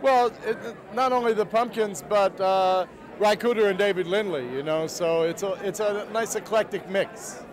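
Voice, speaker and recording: A man being interviewed, reflecting in a halting, casual way. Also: sits high, steady tone. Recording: crowd noise behind.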